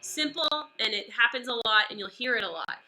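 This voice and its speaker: A woman's voice: fairly high pitch, expressive, fairly quick. A woman with a stuffy nose giving a chatty, upbeat live-streamed guitar lesson. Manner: chatty and upbeat, greeting viewers by name. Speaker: guitar teacher. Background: guitar playing.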